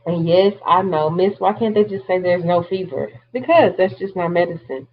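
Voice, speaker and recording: A woman's voice: lowish voice, normal speed, lo-fi sound. A woman teaching a class, explaining terms step by step in a plain-spoken way. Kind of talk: classroom lecture.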